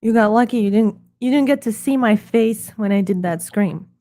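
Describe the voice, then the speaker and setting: A woman's voice: mid-range voice, moderate pace, dark tone. An American woman hosting her own art livestream, joking and poking fun at herself in a casual chat. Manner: joking and self-mocking.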